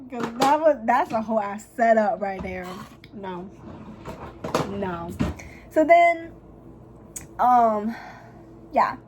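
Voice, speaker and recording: A young woman vlogger chatting casually while doing her makeup, retelling a story in a gossipy, profane, dramatic way and bursting into loud, high laughs. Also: animated, slow pace, pauses often, background noise.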